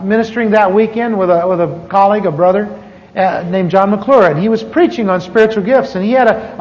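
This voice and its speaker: A middle-aged American man telling his testimony as a sermon, halting and restarting as he acts out the dialogue. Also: high-pitched. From United States. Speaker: pastor. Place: church conference hall. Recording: muffled 1980s recording in a reverberant hall.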